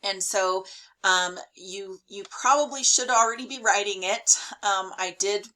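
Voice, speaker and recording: Teacher lady going over a lesson, lots of ums, kinda bright tense voice. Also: medium pitch, measured pace, rough recording. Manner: chatty, with many fillers; talks directly to students. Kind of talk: recorded online lesson.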